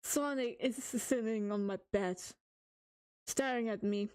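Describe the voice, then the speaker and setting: A woman's voice: a little high, slow, a little mellow. A woman streamer reading horror stories to her chat, joking, giggling and swearing a lot.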